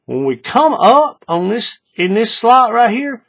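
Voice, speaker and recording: This man has an extremely high, slightly slow voice that sounds creaky and husky. He walks viewers through a hands-on crafting tutorial in a relaxed way, repeating steps and often checking that they're keeping up.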